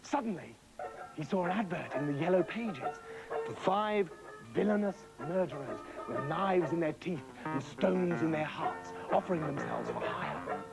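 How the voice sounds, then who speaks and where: A man telling a comic tale, manic and excitable, with a high voice that leaps all over the place. Faint music runs under this old TV broadcast recording. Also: unhurried, creaky, poor audio. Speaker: storyteller. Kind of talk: comic storytelling.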